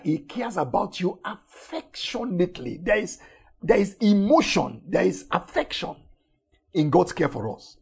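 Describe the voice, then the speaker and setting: A man preaching a sermon emphatically, repeating phrases and swinging between shouted emphasis and soft, intimate lines. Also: on the high side, creaky, husky.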